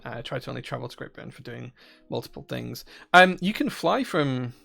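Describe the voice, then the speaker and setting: A man's voice: medium pitch, lively intonation, fairly quick, creaky, pushed and bright. A man from Northern Ireland with a Northern Irish accent, hosting a live stream and chatting casually with viewers, rambling with frequent restarts and fillers. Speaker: livestream host. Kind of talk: casual live-stream chat, reading chat questions.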